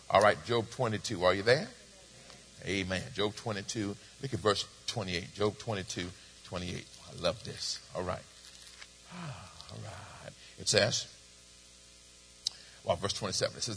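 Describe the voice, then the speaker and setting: A man's voice: on the low side, moderate pace, a bit bright, husky. A man preaching a sermon, reading scripture aloud and calling for responses from the congregation. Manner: preaching with call-and-response, repeats phrases, reads scripture aloud. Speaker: pastor. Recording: long hall reverb.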